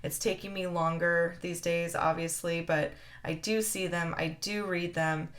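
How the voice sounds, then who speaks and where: A woman's voice: lowish voice, steady tone, measured pace, a bit bright. A woman in her thirties chatting heartfelt to camera as a planner vlogger, with lots of fillers. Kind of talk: casual chat to camera.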